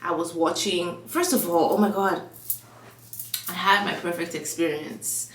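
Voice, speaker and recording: Young woman, stuffy nose, frog in throat, casual chat, lots of fillers, lowish voice, echoey room, mic at a distance. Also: fairly even intonation, measured pace, fairly bright tone. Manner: chatty, lots of fillers, acts out quoted dialogue. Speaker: vlogger.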